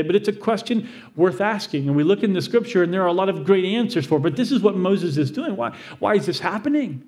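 A man's voice: high-pitched, darkish tone. A male pastor preaching a sermon, telling the story with animation and acting out the quoted voices.

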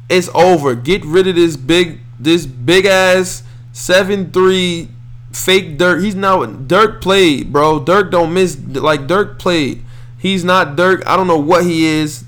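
A young man, hosting a podcast with rambling, slangy, animated sports talk. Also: a little high. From northern New Jersey. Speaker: podcast host.

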